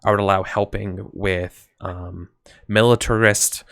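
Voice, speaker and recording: Low-voiced man running a tabletop game. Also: steady tone, creaky, a bit bright, no echo, clean studio sound. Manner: casual, rambling, quick apologies and self-corrections. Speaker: game master.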